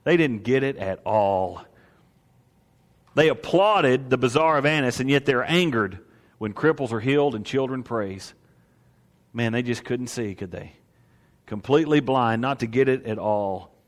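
A man preaching a sermon, swinging from soaring exclamations to hushed asides and acting out the voices of the people in his story. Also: mid-range voice, a little slow, in a large hall. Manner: acts out voices of priests and merchants. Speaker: pastor.

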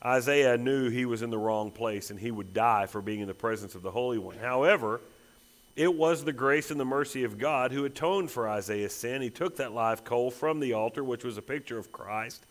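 A man's voice: mid-range voice, moderate pace. A man preaching a sermon as pastor, emphatic and building to intense repeated phrases. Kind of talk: expository sermon.

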